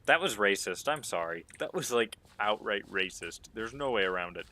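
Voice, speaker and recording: A man's voice: on the low side, lively intonation, normal speed, sharp tone. A man chatting casually while playing a game, rambling through jokingly provocative opinions. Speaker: gaming streamer. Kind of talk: casual gameplay commentary.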